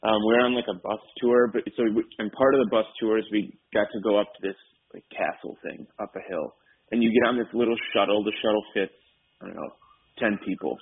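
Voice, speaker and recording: A man's voice: on the low side, fast talker, gravelly, breathy edge. A man co-hosting a casual radio chat, telling a long rambling story with many fillers. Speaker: co-host. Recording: tinny phone-like radio audio.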